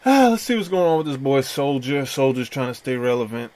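A man's voice: mid-range voice, big pitch swings, a little fast, darkish tone. A man hosting a podcast in a casual, joking, profane way. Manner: laid-back, profane, joking. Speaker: podcast host.

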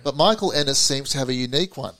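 A man's voice: mid-range voice, animated, fast, pushed and bright. A man from Britain co-hosting a podcast in casual banter, swearing freely and laughing often. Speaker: podcast co-host.

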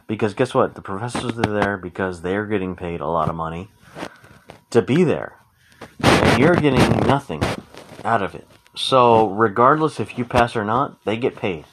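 A man's voice: lowish voice, lively intonation, unhurried, pauses often, a bit bright, poor audio. A young man hosting a casual solo podcast, talking frankly and with plenty of swearing, rambling through his story and acting out what people said. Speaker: podcast host. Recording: noticeable background noise.

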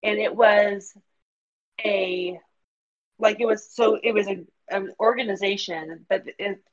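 A woman's voice: medium pitch, fairly even intonation, measured pace. A woman with a Southern American accent co-hosting a podcast, chatting casually and laughing as she tells stories. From Southern United States. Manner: giggly, chatty, quotes others in voices. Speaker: podcast co-host. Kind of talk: casual chat. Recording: dull lo-fi sound.

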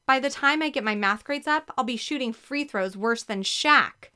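A woman's voice: high voice, moderate pace, pushed and bright, smooth, voice pushed up. A woman voicing a sporty, wisecracking teenage girl with a dry, glum manner, in a storybook reading. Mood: wry.

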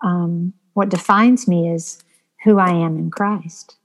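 A woman discusses her faith in an easy conversational way. She speaks earnestly, sliding into a gentle preaching tone, and her thoughts are dotted with ums. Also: lowish voice, fairly even intonation, slow. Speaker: co-host of a Christian talk show.

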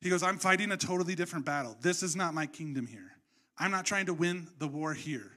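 A young male pastor preaches in a high, bright voice. He keeps it loose and jokey and slips into little voices for the people he quotes. It sounds like friendly, casual preaching. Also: fairly quick. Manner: conversational and joking, acts out quotes. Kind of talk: sermon.

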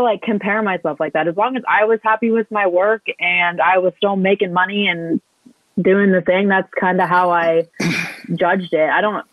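Soft-spoken woman on a tinny line. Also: mid-range voice, no room sound. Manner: soft, calm and hesitant, many ums. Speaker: podcast guest. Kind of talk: casual interview answers. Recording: tinny phone-like line, dry.

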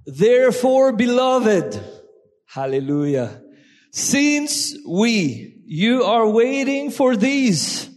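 High-voiced French-accented preacher in a reverberant hall. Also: male voice, very animated, extremely slow. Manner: emphatic, restarts often, breaks into shouts of praise. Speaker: guest preacher. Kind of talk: sermon. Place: church sanctuary.

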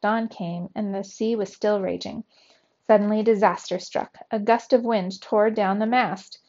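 A woman's voice: medium pitch, measured pace. Woman reading a children's story aloud. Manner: lively, voices the dialogue with raised energy. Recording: slightly dull, lo-fi sound.

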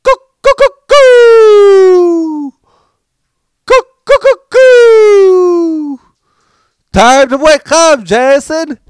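A father waking his son with loud, very high hooting calls through cupped hands, as if shouting from a mountaintop. The voice leaps far above the speaker's own and rings out. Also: animated, drawn-out words, pauses often, heavily acted. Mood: hollering.

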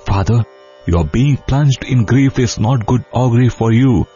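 A man's voice: mid-range voice, a little slow, warm tone, soft background music, pitched above the performer's own voice, close to an everyday voice. A man voicing an earnest young prince who pleads with his grieving father, his voice rising as he implores. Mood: earnest pleading. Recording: dull lo-fi audio with faint sitar.

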